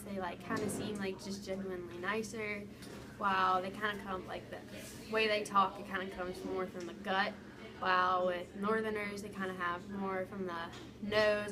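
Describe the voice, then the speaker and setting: A woman answering an interview question casually, in a rambling, hedging way. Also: mid-range voice. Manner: rambling, hedging, loose phrasing. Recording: noisy crowd behind.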